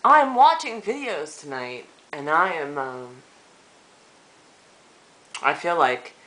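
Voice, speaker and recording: Earnest woman vlogger, bright and lively. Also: sits low, poor audio. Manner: earnest, halting, with many fillers. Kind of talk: emotional personal vlog talk.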